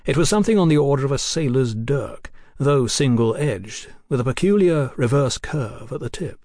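Dry, measured male audiobook narrator. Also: medium pitch, lively intonation, a little mellow, dry recording. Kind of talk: scripted narration of a novel.

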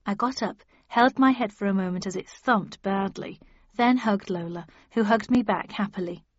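A woman's voice: mid-range voice, normal speed, husky, no room sound, dull audio. A woman narrating a novel, shifting her voice for each character. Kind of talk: audiobook narration.

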